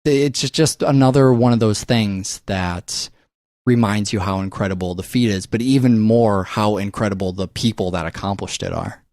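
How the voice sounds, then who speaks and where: A man co-hosting a podcast in a studio, talking about movies in a casual, animated way and swearing freely. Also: lowish voice, moderate pace, no echo. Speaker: podcast co-host. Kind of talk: casual film chat.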